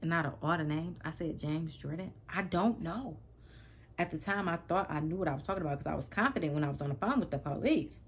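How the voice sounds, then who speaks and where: Vlogger, woman, slightly low voice, animated and emphatic storyteller. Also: fast, a little hiss or hum. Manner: animated, emphatic, repeats herself, talks straight to viewers. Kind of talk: casual storytelling to camera.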